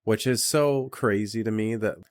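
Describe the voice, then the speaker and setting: A man's voice: fairly low pitch, normal speed. A man co-hosting a podcast, laid back and swearing casually while discussing a horror film. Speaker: podcast co-host. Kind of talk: casual movie recap chat.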